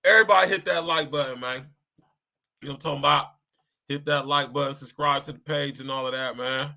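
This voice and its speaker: A man's voice: medium pitch, fairly even intonation, a little fast, vocal fry, pushed and bright. A man hosting a podcast stream in casual, hyped chat, repeating himself and ending lines with "man.". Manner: hyped, repetitive, keeps tagging "man". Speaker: podcast host.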